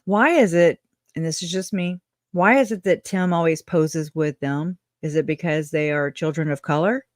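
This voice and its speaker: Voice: mid-range voice, normal speed, dry recording, studio quality. A commentator reacting to clips in a mocking, blunt way, swearing freely.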